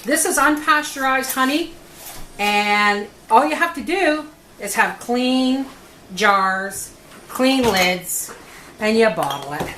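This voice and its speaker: A woman's voice: on the high side, animated, takes it slowly, sharp tone, a little hiss or hum. A woman hosting a homestead cooking video, chatting in a folksy way as she walks through each kitchen step. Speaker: homestead vlogger demonstrating food preservation. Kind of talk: casual kitchen demonstration.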